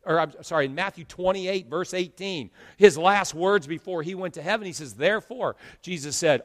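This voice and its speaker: A man preaching a sermon as pastor, with loud emphatic swells and drawn-out phrases. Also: sits high, in a large hall. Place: church sanctuary.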